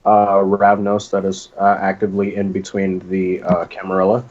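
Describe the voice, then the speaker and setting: A man's voice: deep voice, completely flat delivery, moderate pace. A man playing a tabletop game, explaining his character's actions loosely with lots of fillers. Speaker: player. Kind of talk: casual chat at a game table. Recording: dull lo-fi sound.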